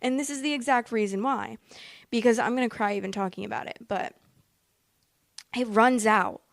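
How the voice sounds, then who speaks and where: A woman's voice: a little high, normal speed, creaky, no room sound, clean studio sound. A woman telling a personal story in a casual, rambling way, packed with fillers and emotional asides. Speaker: vlogger.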